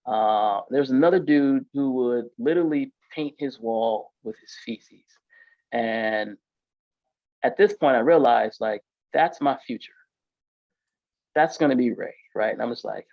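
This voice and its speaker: Man, interview guest, casual storytelling, mid-pitched voice, dry, slightly dull sound. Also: moderate pace, no room sound. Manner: casual, emphatic, filler-heavy with frequent "like" and "yo". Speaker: podcast guest.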